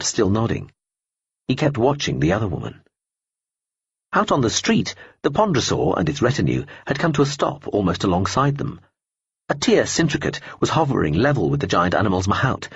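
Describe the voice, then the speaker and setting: A man reading a science-fiction audiobook in an expressive storytelling manner, in a dull lo-fi recording. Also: lowish voice, creaky, breathy edge, no echo. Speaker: audiobook narrator. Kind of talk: scripted narration.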